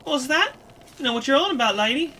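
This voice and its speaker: A woman's voice: high-pitched, animated, brisk, pushed and bright, a little hiss or hum, pitched above the performer's own voice. A woman doing a cocky young thief girl. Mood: feigning innocence. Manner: blunt, cocky, rough slangy talk. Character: brash young female thief, cocky and blunt.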